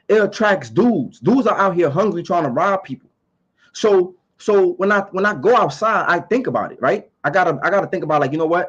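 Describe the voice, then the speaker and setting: A man's voice: sits high, slightly rough, highs cut off. A man giving his opinions in a casual monologue to camera. He talks emphatically, repeats his points and asks rhetorical questions.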